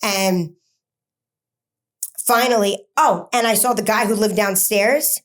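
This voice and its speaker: A woman speaking at an ordinary middle pitch tells her own story as an interview guest. She stumbles through fillers and restarts, then hurries into quick bursts of words. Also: fairly bright tone. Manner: halting, many fillers and restarts. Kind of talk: personal story told in an interview.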